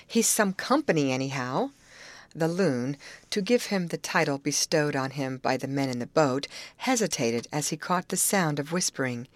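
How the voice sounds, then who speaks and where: Low-voiced woman reading a novel aloud. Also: normal speed, dry recording. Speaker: audiobook reader. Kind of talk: scripted narration.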